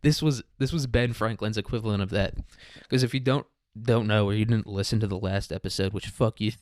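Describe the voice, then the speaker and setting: A man's voice: on the low side, fairly even intonation, fairly quick, no echo, studio quality. A man hosting a casual history podcast alone, rambling with crude, self-mocking jokes. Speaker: podcast host.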